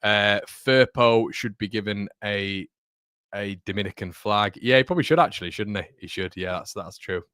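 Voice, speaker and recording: A man's voice: on the low side, moderate pace, a bit bright, smooth, no echo, clean studio sound. A man hosting a casual live football watchalong, chatting with viewers and calling them mate. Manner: chatty, reads chat aloud, calls viewers mate. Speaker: livestream host.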